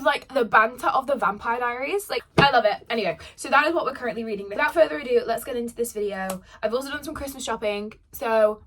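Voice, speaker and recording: Speaking in a high, somewhat bright voice, a young woman gushes cheerfully to the camera about books. It's casual vlog talk, filmed at home.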